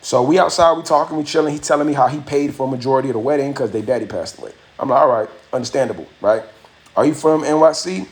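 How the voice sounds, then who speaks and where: A man, hosting a livestream and telling a story casually, slangy and animated, repeating phrases for effect. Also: medium pitch, fast talker. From Miami, USA. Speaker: livestream host.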